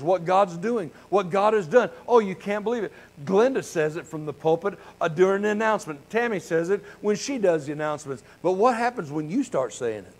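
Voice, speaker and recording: A pastor in his sixties, whose voice sits high, is captured on a low-quality recording in a church sanctuary. He first prays with fervor and then preaches casually, keeping his manner folksy and candid.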